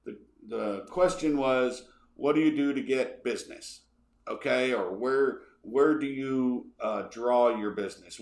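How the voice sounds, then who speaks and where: Guy hosting a podcast q&a, energetic and rambly, keeps saying okay, kinda echoey room, middle pitch. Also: a little slow, vocal fry. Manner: energetic, repeats words, says okay a lot. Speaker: podcast host answering listener questions. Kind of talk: casual rambling Q&A.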